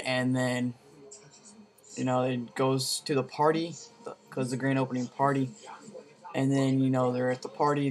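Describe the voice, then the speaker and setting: A man giving a casual video movie review, rambling with lots of fillers and slang. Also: medium pitch.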